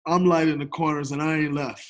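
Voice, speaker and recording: A man guesting on a remote podcast, relaxed and joking as he tells stories. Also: fairly high pitch, brisk. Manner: laid-back, joking storyteller. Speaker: podcast guest, pro basketball player. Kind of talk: casual remote interview chat. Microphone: video call.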